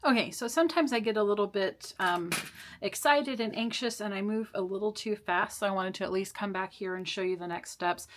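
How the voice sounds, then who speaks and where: A woman's voice: mid-range voice, brisk, a bit bright. A woman hosting a sewing tutorial, talking through the steps in a casual, chatty, reassuring way with small laughs and fillers. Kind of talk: casual step-by-step sewing instruction.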